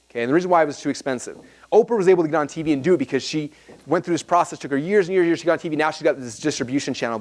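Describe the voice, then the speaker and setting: A man in his thirties giving a live seminar to an audience in a fast, animated, rambling way, full of fillers and restarts. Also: mid-range voice. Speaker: marketing seminar speaker.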